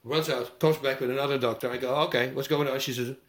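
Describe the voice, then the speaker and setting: Lively, emphatic man with roots. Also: medium pitch, quick pace. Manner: lively, emphatic, acts out quotes with sound effects. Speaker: guest. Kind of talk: animated storytelling interview.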